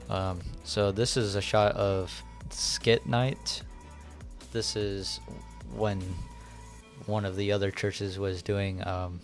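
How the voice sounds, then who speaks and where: A man casually talking over his camp photos in a chatty vlog voice-over. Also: fairly low pitch. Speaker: vlogger.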